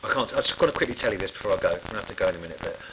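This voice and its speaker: Guy rambling through old studio stories, kinda low voice, lots of ums, noisy recording. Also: lively intonation, racing. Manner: rambling, many fillers and restarts. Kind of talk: casual spoken anecdote.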